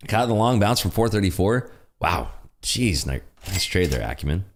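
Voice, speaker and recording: A man's voice: low voice, animated, normal speed. A man hosting a live day-trading stream, chatting casually, joking and laughing often with his audience. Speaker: day-trading livestream host. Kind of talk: live trading commentary chat. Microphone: desk computer streaming setup.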